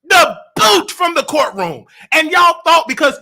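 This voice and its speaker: A man hosting a comedy show, ranting in a loud, animated way and often breaking into shouts. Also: very high-pitched, measured pace, gravelly. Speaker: show host. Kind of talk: comedic rant.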